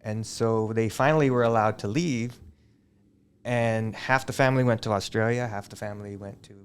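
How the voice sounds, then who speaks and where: A middle-aged man, a high school teacher, chatting as a guest on a school podcast and telling long, digressive stories. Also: fairly even intonation, moderate pace, clean tone. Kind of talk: casual interview chat.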